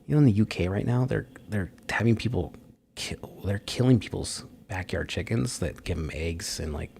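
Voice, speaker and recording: Low, gravelly man ranting sarcastically. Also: animated, moderate pace, a little mellow, slight background noise. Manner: sarcastic, profane ranting with frequent fillers and restarts. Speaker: livestream host. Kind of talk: rambling commentary while reading an article aloud.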